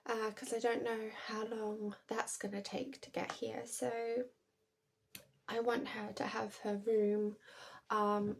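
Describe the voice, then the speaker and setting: A woman's voice: mid-range voice, gravelly. A British woman chatting to camera at home in a rambling, chatty way, laughing often. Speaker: vlogger. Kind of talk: casual chat to camera.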